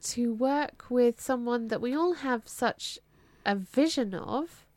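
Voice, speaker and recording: A woman hosting a talk radio podcast in a studio, giving brisk, upbeat introductions. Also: fairly high pitch, a little mellow, no echo. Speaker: podcast host.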